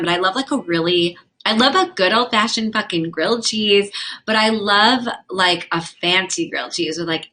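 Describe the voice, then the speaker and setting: A woman's voice: fairly low pitch, sharp tone. A young woman hosting a livestream, chatting casually and frankly with viewers and reacting to their comments. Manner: chatty, quick, frank and profane, reacts to chat. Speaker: livestream host and comedian.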